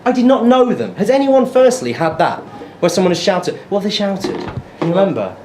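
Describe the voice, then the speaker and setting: A man's voice: high-pitched, brisk. A British man performing a stand-up comedy set, telling stories and chatting with the crowd. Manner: animated, excitable storytelling. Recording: live set with clear background noise.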